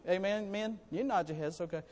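A man preaching a sermon to his congregation, in a folksy, animated way with calls for amens. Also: high voice, a little fast. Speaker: pastor. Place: church sanctuary. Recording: long reverb in a church hall.

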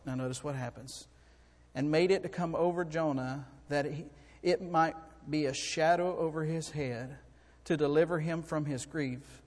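Impassioned high-voiced preacher in a hall. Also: male voice. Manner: swings from quiet to loud, impassioned preaching with repeated words. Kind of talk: sermon. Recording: long hall reverb.

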